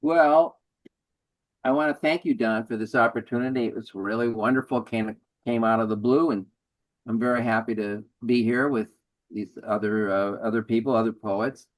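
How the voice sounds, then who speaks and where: A man's voice: mid-range voice, fairly even intonation, moderate pace, poor audio. A man in his seventies, a featured poet, giving a poetry reading in a dry, wry manner. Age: 70s. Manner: dry, wry delivery of humorous verse.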